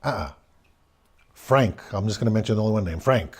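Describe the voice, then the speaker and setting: A man recounts an eerie childhood tale in a slightly husky voice. His pitch swings widely, leaping up for the exciting parts and dropping low and hushed for the frightening ones. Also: fairly quick. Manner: animated, swings between loud bursts and hushed tones. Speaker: storyteller. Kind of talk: personal ghost story told aloud.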